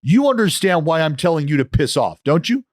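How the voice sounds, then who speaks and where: A man's voice: on the high side, big pitch swings, brisk, no echo, studio quality. Heated, emphatic male co-host. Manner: heated, emphatic rants acting out a player. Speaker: podcast co-host. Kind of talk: casual chat. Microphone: remote call.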